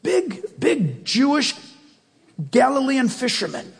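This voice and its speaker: A man preaching a sermon in a church, animated and emphatic, firing rhetorical questions at the congregation. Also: extremely high pitch, takes it slowly, vocal fry, slightly rough, in a large hall. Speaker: pastor.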